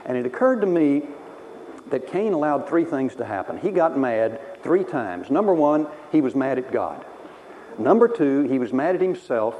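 A man's voice: medium pitch, big pitch swings, normal speed, muffled recording, a little hiss or hum. A man from Texas preaching a sermon through personal stories, wry and self-mocking, laughing at himself as he tells them.

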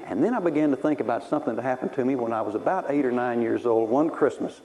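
A man's voice: medium pitch, quick pace, warm tone, poor audio. Wry storytelling preacher man from Texas. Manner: wry, self-mocking storyteller who laughs at himself. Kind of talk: sermon told as personal stories.

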